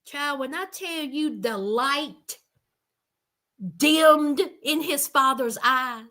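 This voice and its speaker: A woman giving sassy, animated commentary on a reality show, talking straight to her viewers. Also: high-pitched, extremely slow. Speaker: reality TV recap host. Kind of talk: casual recap commentary to viewers.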